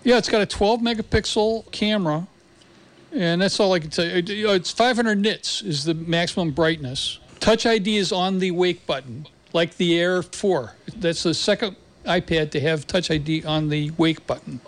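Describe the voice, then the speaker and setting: A man on a radio tech show, loud and enthusiastic, rattling off product specs quickly. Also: high-pitched. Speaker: tech commentator.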